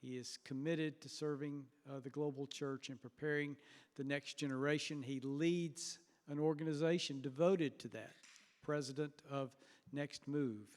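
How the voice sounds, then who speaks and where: A man's voice: fairly high pitch, fairly even intonation, normal speed, a little mellow. Man introducing a speaker in a hall. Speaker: conference host introducing a speaker. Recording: echoey hall PA.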